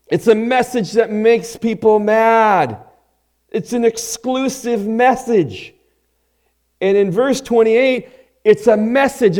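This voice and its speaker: A man preaching a sermon, emphatic, asking the congregation rhetorical questions and swinging between loud declarations and hushed lines. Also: extremely high pitch. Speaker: pastor.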